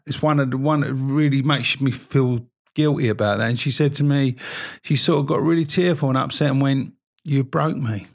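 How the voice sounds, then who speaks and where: Gravelly man, a touch high, rambling and self-mocking, laughs a lot; podcast host. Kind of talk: casual chat.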